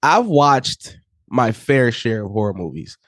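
A man hosting a laid-back podcast chat, his voice a little hoarse from fighting off a cold. He talks loosely, with plenty of fillers and easy laughs. His voice sits at an ordinary middle pitch, recorded dry and close with no room sound. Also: big pitch swings, a little slow, fairly bright tone, no echo. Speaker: podcast co-host. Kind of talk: casual chat.

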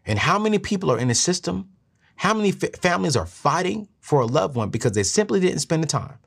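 A middle-aged man hosting a show and giving money advice in an earnest, preachy way that climbs higher when he presses a point. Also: big pitch swings, quick pace, vocal fry, slightly rough. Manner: earnest, preachy, rises in pitch when emphatic. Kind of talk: motivational talk to camera.

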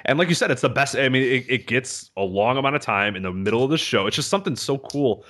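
A man's voice: medium pitch, lively intonation, quick pace, fairly bright tone. A man hosting a casual podcast, firing off questions and tripping over his words. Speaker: podcast host.

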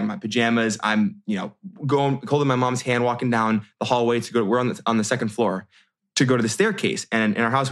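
Animated man in his thirties. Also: mid-range voice. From United States. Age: 30s. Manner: animated, many restarts and fillers. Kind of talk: casual storytelling.

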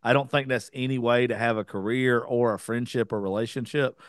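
A man's voice: medium pitch, fairly even intonation, brisk, no room sound, studio quality. A man hosting a podcast in casual chat, talking bluntly and profanely with rambling asides. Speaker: podcast host.

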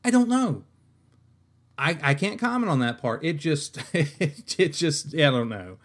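A man's voice: on the high side, big pitch swings, a little slow. A man hosting a podcast, ranting in a comic, exasperated way, swearing often and restarting his sentences. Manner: exasperated, profane, rambling with many restarts. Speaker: podcast host. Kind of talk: comedic rant.

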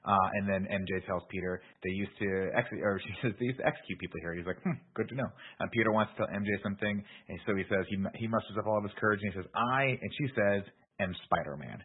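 A man's voice: lowish voice, fast talker, hardly any pauses, slightly rough. A man casually retelling a film scene by scene on a podcast, quoting the characters' lines with lots of fillers. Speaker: podcast co-host recapping a film. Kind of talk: casual movie recap chat. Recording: tinny phone-like sound.

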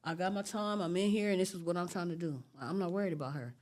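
A woman being interviewed, telling a long story in an animated, streetwise way and acting out what people said. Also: on the low side, fast talker. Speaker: interview guest.

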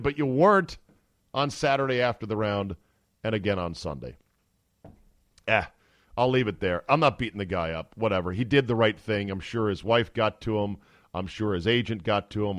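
A man's voice: fairly low pitch, brisk, no echo, clean studio sound. A man hosting a sports talk podcast, delivering casual, sarcastic commentary.

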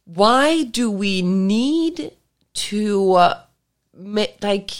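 A woman's voice: medium pitch, animated, drawn-out words. A woman co-hosting a podcast, blunt and sweary in casual chat, laughing often. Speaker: podcast co-host.

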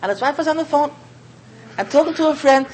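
A man giving a Torah talk as a sermon, an animated storyteller who repeats phrases and chuckles often. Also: very high voice, quick pace, slight background noise, poor audio. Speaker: Torah teacher.

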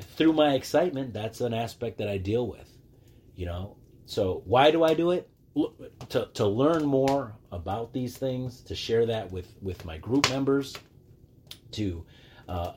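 Man, forties, podcast host, casual monologue, lively delivery, restarts and fillers, faint background noise. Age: 40s. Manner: animated, acts out quoted greetings in a higher voice; rambling with many restarts and fillers.

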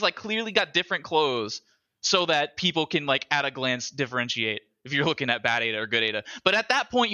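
A man on an online podcast call, talking casually about a video game, excitable and swearing, often building up into shouting. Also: a little high, muffled recording. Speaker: podcast co-host.

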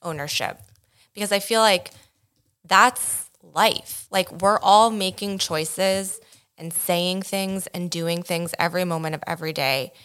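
A woman's voice: fairly low pitch, measured pace, a bit bright, smooth. A woman co-hosting a podcast in casual chat, speaking directly and matter-of-factly. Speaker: podcast co-host.

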